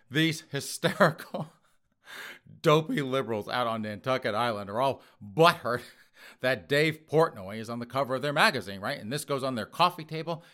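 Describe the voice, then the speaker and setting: A man's voice: medium pitch, bright, forceful tone. A man hosting an opinionated news commentary show, talking in a sarcastic, mocking way and laughing scornfully.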